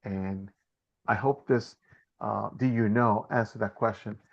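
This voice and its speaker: A man's voice: lowish voice, steady tone, measured pace, gravelly. Man, host of a live video Q&A, hesitant, fillers, slightly dull audio. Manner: hesitant, many fillers and restarts. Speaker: host and trip organizer. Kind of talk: live online Q&A presentation.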